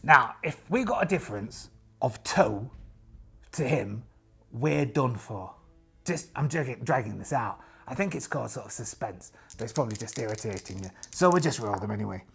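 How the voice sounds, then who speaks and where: A man narrating a solo tabletop game as host, chatty and animated with jokey asides, his voice tired and strained. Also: medium pitch, normal speed, gravelly, a little hiss or hum.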